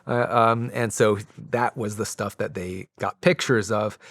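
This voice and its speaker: A man's voice: on the low side, vocal fry, a bit bright, dry recording, clean studio sound. A man in his forties, a podcast guest, telling a long story in a casual way, rambling with lots of fillers and restarts.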